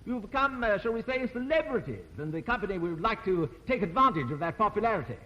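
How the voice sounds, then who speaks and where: A proper english businessman, stammery and polite, high voice swinging all over, old sitcom. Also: very animated, quick pace, bright, forceful tone, highs cut off, full character voice. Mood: jolly. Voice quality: stammering, genteel. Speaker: company representative. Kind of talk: 1950s TV sitcom acting.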